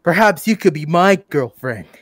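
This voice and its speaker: A man's voice: fairly high pitch, lively intonation, moderate pace, dry recording. Dry-sounding guy repeating prank lines. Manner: repeats lines awkwardly, playful. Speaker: streamer's friend. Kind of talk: casual livestream chat.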